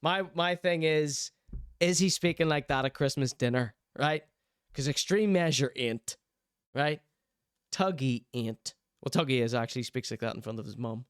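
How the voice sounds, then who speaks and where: A man's voice: medium pitch, normal speed, clear, resonant tone, no echo, studio quality. A young Irish man hosting a live-streamed chat show, reading out chat and teasing viewers in rambling, jokey banter. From Ireland. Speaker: livestream host.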